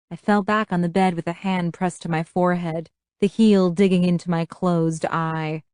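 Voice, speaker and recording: A woman narrating a first-person audiobook with expressive storytelling. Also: lowish voice, normal speed, hardly any pauses, smooth, no room sound, clean studio sound.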